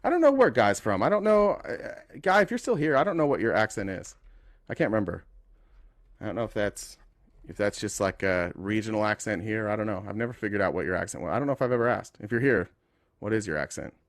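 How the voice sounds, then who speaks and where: A man's voice: on the low side, animated, fast talker, no room sound, studio quality. A man hosting a call-in debate show, combative and sarcastic, pushing back on callers. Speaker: talk show host taking callers.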